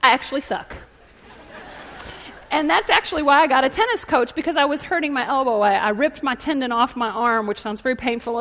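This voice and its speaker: A woman pastor preaching a sermon, telling stories with lively asides and calling out to the congregation in a church. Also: high voice. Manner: animated storytelling with audience call-outs. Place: church hall. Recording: echoey hall.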